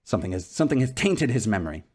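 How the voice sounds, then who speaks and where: A man co-hosting a podcast, chatting casually and excitedly about a TV episode. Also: fairly low pitch, rapid-fire, husky. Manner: excitable, animated storytelling. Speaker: podcast co-host. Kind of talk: casual chat.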